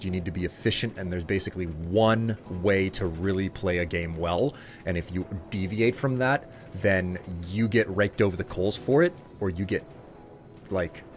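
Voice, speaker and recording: A man streaming a game live, chatting with viewers in a loose, rambling way full of fillers and restarts. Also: sits low. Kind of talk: casual chat while streaming a game.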